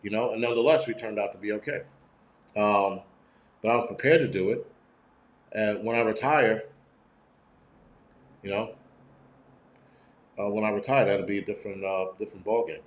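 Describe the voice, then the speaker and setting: A man's voice: on the low side, normal speed, pauses often, roomy sound. A middle-aged man hosting a prepping channel, talking in a profane, blunt, rambling livestream rant from home. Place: room at home.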